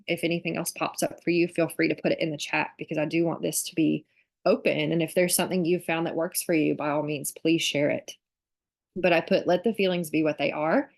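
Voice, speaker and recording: A woman hosting an online workshop for mothers, talking casually and reflectively with frequent fillers. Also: low voice. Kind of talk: conversational online workshop talk.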